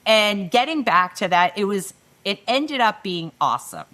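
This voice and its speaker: Bright, animated woman telling a story. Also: medium pitch, normal speed. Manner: animated storyteller who acts out quoted dialogue. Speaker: guest. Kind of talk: panel conversation, storytelling.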